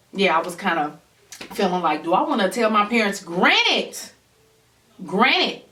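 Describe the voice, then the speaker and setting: A woman tells a story to camera in an animated storytime chat, talking straight to her viewers. Her voice is bright and forward. The room is echoey and she sits a little back from the mic. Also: mid-range voice, recorded from a distance. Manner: acts out others' voices in quotes. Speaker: vlogger.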